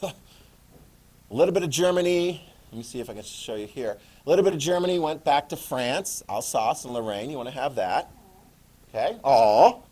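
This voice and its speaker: A middle-aged man giving a classroom history lecture in a jokey, animated way, acting out quick voices. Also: mid-range voice, slightly rough. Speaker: history teacher.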